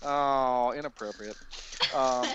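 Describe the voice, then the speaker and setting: A man's voice: medium pitch, fairly even intonation, takes it slowly, dull audio, very noisy. A man playing a tabletop game, talking casually and hesitantly, with many uhs. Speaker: player.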